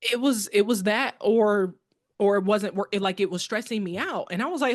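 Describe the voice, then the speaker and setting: A woman speaking as a guest in a podcast conversation, her voice sitting at an ordinary middle pitch. She tells a personal story with energy. She slips into the voices of the people in it as she recounts what was said. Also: fairly quick. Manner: animated storyteller, acts out remembered dialogue.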